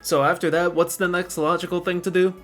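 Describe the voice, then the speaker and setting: A man's voice: high-pitched, flat delivery, brisk, fairly bright tone, faint music behind. A man giving casual commentary on online drama, swearing and correcting himself as he goes.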